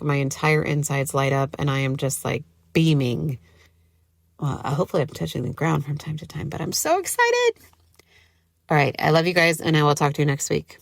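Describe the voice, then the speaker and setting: A woman hosting a solo podcast in a low voice with a gravelly edge. She talks casually and gushes, with lots of "like" and fillers. The sound is dry and close, with no room echo. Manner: chatty, gushing, lots of "like". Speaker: podcast host.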